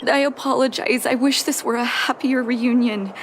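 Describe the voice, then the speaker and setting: An actress voicing a calm, caring young woman doctor in a game cutscene, speaking in a measured way. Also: high-pitched, a little hiss or hum. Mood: earnest, warm. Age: young adult.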